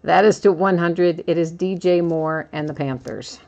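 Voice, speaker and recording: A woman's voice: on the low side, normal speed, lo-fi sound, noisy background. A woman hosting a live card-breaking stream, chatting casually and laughing often as she reads out each card.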